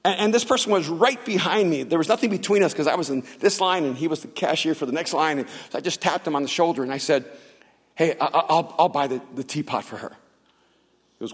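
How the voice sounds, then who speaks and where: A man preaching a sermon, telling stories with acted-out dialogue and building to loud, fervent passages. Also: a little high, expressive, moderate pace, pauses often, slightly rough. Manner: storytelling with acted-out dialogue, rising to shouts. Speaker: pastor. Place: large church hall. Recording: long hall reverb.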